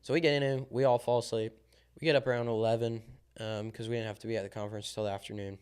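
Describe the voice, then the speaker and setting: Young male podcast co-host, smooth clear voice, animated storyteller who acts out the dialogue. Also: mid-range voice, quick pace. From Southern Illinois. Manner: animated storyteller, acts out quoted dialogue, many ums and likes. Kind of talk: casual chat.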